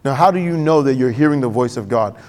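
A man's voice: medium pitch, animated, quick pace, darkish tone, in a large hall. A male pastor preaching a sermon in a conversational way, acting out quoted voices.

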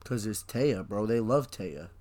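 Male podcast co-host, relaxed anime chat, says "bro" a lot, reacts with disbelief. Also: lowish voice, measured pace. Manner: laid-back, incredulous, slangy ("bro"). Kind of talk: casual anime review chat.

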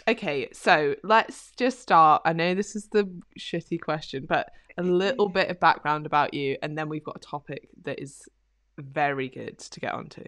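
A Scottish woman hosts a podcast in a relaxed, joking way. Her voice is fairly low, and the sound is dry and close. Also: moderate pace, no room sound. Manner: friendly, playful banter. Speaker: podcast host. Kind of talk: casual podcast chat.

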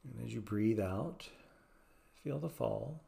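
A man who teaches yoga and meditation, leading a guided meditation in a soft-spoken, slow and gentle way with long pauses. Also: fairly low pitch, lively intonation, creaky.

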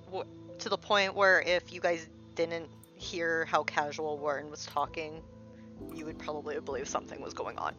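A woman running a tabletop game as game master on a live stream, laid-back and quick to laugh. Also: low-pitched, steady tone, dull audio, over music.

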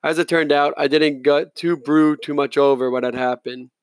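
A male reader narrating a novel in the first person, his voice sitting slightly high for a man. He reads plainly, now and then stumbling and restarting a word. The recording is dry and close. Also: fairly even intonation, moderate pace, no room sound. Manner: plain reading with occasional slips and restarts. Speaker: audiobook reader.

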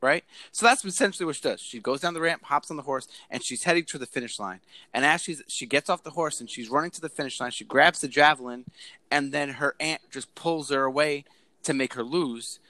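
A man hosting a casual movie discussion, retelling scenes in a lively way. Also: on the high side, a little fast, no room sound.

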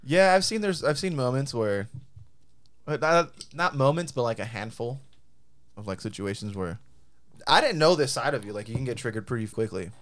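Man, animated pitch, casual questioning host with a profane streak. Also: moderate pace. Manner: curious, profane, laughs along, asks questions. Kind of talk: casual chat.

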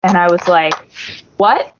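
A woman co-hosting a podcast, telling a story in a casual, animated and profane way, acting out the voices of the people in it. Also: lowish voice, takes it slowly, highs cut off, slight background noise. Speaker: podcast co-host.

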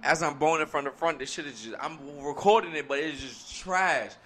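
A young man in his twenties telling a crude story in casual chat, deadpan and slangy. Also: fairly high pitch, a little fast.

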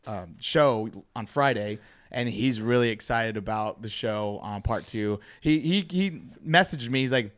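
A man chats casually into a studio mic as a podcast host. He tells stories with animated energy in a mid-pitched voice and laughs often. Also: measured pace. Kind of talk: casual chat.

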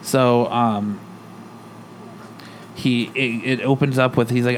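A man's voice: medium pitch, steady tone, slow pace, pauses often, a little hiss or hum. A man co-hosting a podcast, casually retelling a comic book story and speaking the characters' lines in his own voice. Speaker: podcast co-host.

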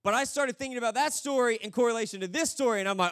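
Animated high-voiced preacher. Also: male voice, racing, no room sound, studio quality. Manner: animated storytelling, acts out voices. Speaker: pastor. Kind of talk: sermon.

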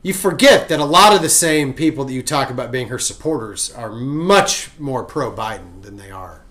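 A man's voice: mid-range voice, animated, normal speed, fairly bright tone. A married man on a casual political podcast, blunt and often restarting his sentences.

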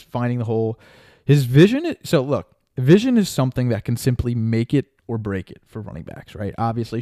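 A young man hosting a solo sports podcast, talking casually and excitedly, full of fillers and asides like "right?" and "man". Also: medium pitch, no room sound, studio quality. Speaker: podcast host.

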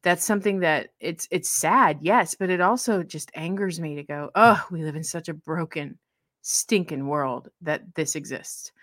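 A woman's voice: lowish voice, normal speed, few pauses, fairly bright tone, dry recording, studio quality. A woman co-hosting a casual faith podcast, talking earnestly and bursting into laughter. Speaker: co-host.

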